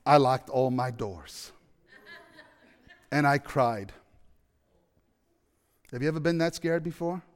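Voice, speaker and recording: Animated storytelling preacher in a reverberant hall. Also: male voice, medium pitch, slow pace, long pauses. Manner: animated storyteller, acts out dialogue, asks the audience questions. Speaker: pastor. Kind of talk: storytelling sermon.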